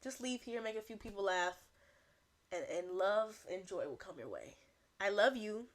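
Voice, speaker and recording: A young adult woman hosting a solo comedic podcast, rambling and animated, laughing often as she rants. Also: medium pitch, normal speed. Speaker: podcast host.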